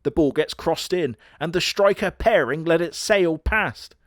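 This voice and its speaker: Young male host, sardonic deadpan humor, dry close mic. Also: a little high, unhurried, no echo. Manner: sardonic, crude, deadpan jokes with put-on quote voices. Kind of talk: comedic commentary narration.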